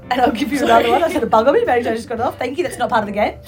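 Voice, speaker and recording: A woman hosting a casual podcast quote game, chatty and quick to laugh. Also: a little high, expressive, soft background music. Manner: chatty, laughs often, reads quotes in put-on voices. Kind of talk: casual chat.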